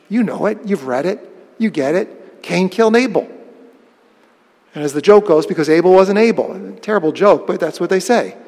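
A man preaching a sermon, telling the story with lively bursts of emphasis. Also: high-pitched, long reverb tail. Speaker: pastor.

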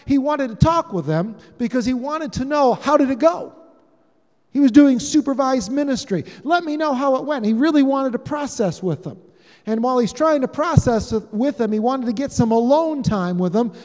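A fairly high-voiced pastor with a darkish tone delivers an animated sermon, voicing every line of dialogue in the story. His words echo out into a hall with a long reverb tail.

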